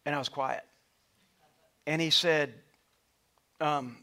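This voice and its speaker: High-voiced preaching pastor. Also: male voice, steady tone, slow. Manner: builds to loud passionate preaching, then drops to soft storytelling. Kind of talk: sermon. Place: church auditorium with stage lights.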